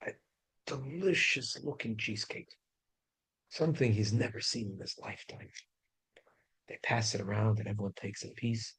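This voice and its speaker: A man's voice: mid-range voice, darkish tone, husky, rough recording. A man teaching a religious class in a casual storytelling way, chatty, with many restarts and Hebrew and Yiddish terms mixed in.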